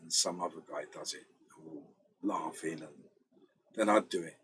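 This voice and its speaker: A British man, a bass player, chatting casually in a rambling storytelling way, often acting out other people's voices. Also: fairly even intonation, normal speed, a bit bright, husky, low-quality recording. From Britain. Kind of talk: casual chat.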